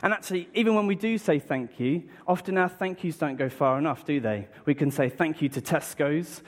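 A man giving a lively children's talk at a church service, acting excited with gasps and questions to the audience. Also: on the high side, fairly quick. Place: church hall. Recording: long reverb in a large hall, from a distance.

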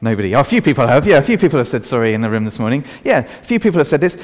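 A man's voice: medium pitch, sing-song, very fast. Man, preacher, all-age sermon, asks the congregation questions, long reverb. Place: church hall. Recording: reverberant church hall.

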